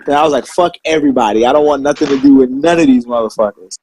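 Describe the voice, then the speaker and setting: A man's voice: medium pitch, fast talker, a little mellow, slight background noise, low-quality recording. A man telling old service stories in casual, profane chat, swearing constantly and sounding indignant. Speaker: Marine veteran telling stories.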